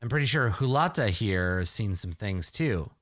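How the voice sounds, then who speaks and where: A man's voice: on the low side, animated, moderate pace, fairly bright tone, dry recording, clean studio sound, pitched below the performer's own voice. A man voicing a young female adventurer who makes blunt threats with a spear. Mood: threatening. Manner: snarling, threatening.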